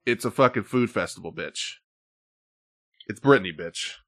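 A man's voice: on the low side, animated, moderate pace, sharp tone, no echo, clean studio sound. Rambling, profane male stream host. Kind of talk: casual live-stream chat.

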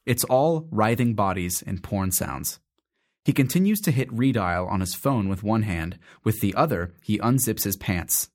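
A man reads the stage directions in a matter-of-fact, measured way. His voice sits fairly low. It sounds like a stage play reading. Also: lively intonation.

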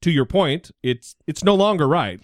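This male podcast co-host has a fairly high, animated voice at normal speed, swinging widely up and down in pitch. He's sarcastic and outspoken in a casual political chat, recorded close and dry with no room echo.

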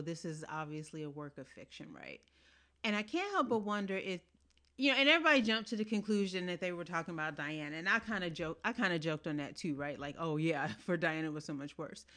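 A woman's voice: fairly low pitch, a bit bright. A woman hosting a podcast, chatting casually with friends, laughing often and restarting her sentences. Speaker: podcast host. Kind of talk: casual chat.

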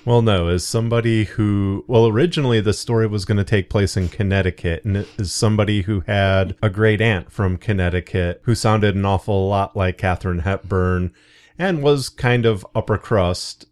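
A man hosting an interview, talking in a relaxed, earnest way. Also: lowish voice, normal speed, clear, resonant tone. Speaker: podcast host and author. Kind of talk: casual interview chat.

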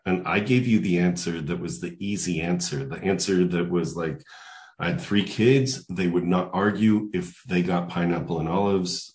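An older man telling a personal story in conversation, lively as he slips into other people's voices. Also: sits low, normal speed. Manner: animated storyteller who acts out quoted voices. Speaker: guest. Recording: echoey room.

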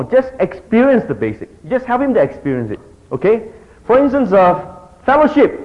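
A middle-aged man teaching a group about discipling, often checking in with his listeners. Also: high-pitched. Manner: animated, keeps checking in with the audience. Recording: dull lo-fi recording.

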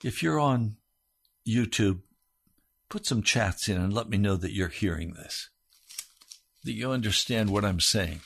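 A man's voice: fairly low pitch, measured pace, vocal fry, pauses often, husky. A man preaching a dramatic sermon. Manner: preaching with big swings from hushed to loud, urgent questions. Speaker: pastor.

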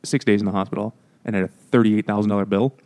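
A man's voice: lowish voice, steady tone, quick pace, a little mellow. A young man co-hosting a casual podcast chat, rambling and swearing as he acts out little exchanges. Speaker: podcast co-host.

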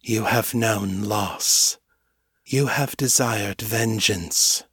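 A man voicing a calm, ancient alien presence. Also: fairly low pitch, husky, no echo, studio quality, exaggerated voice. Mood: calm menace. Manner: slow, gentle, unnervingly calm. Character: ancient alien entity, calm, quiet, menacing.

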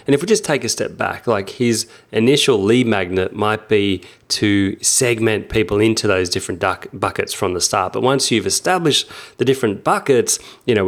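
A man co-hosting a podcast, chatting enthusiastically and agreeing with his partner. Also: lowish voice. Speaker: podcast co-host. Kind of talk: casual podcast discussion.

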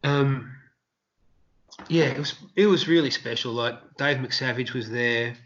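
A man's voice: measured pace, highs cut off. A man who worked as a street performer, telling stories casually in an interview and acting out the voices of people he quotes. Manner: animated storyteller, acts out quotes in high shouts.

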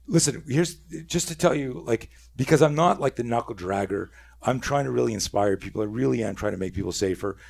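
A middle-aged self-defense instructor, guesting on a podcast, tells a story in casual chat with a mid-range voice, a little fast and with vocal fry. He swears freely and is animated, restarting his sentences many times.

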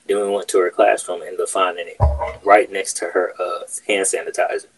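A man's voice: deep voice, level tone, fairly quick, breathy edge, soft background music, poor audio. A man hosting a podcast, telling a workplace story in casual, profane chat. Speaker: podcast host.

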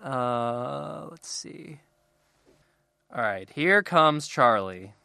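A man's voice: mid-range voice, expressive, very slow, gravelly, pushed and bright, dry recording, studio quality. A man co-hosting a podcast in casual chat, playful and joking. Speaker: podcast co-host.

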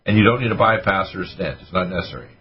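A man hosting a health call-in radio show as a doctor, quickly rattling off lists of supplements and advice. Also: low voice, expressive, a little hiss or hum. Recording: muffled radio broadcast with music.

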